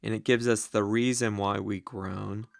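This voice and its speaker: Slow, gravelly-voiced male teacher. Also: on the low side, steady tone, no room sound, clean studio sound. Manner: slow and deliberate, many ums and uhs. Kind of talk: lecture on Greek grammar of a Bible text.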